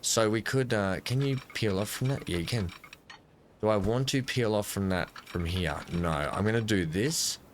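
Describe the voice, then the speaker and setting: Let's-play host, man, somewhat low voice, rambling self-correcting commentary into a desk mic. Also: expressive, normal speed, a little hiss or hum. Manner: thinks aloud while building, self-correcting. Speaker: gameplay commentator.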